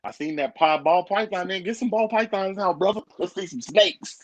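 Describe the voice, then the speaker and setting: A man, co-hosting a live reptile stream in casual, excitable chat and calling people brother. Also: high voice, moderate pace, no room sound. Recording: dull, dry lo-fi stream audio.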